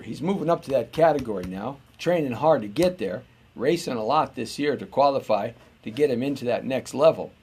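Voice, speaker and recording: A man's voice: mid-range voice, a little mellow, slight background noise. A middle-aged man hosting a live show, rambling and joking as he muses aloud to viewers. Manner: rambling and jokey, musing aloud.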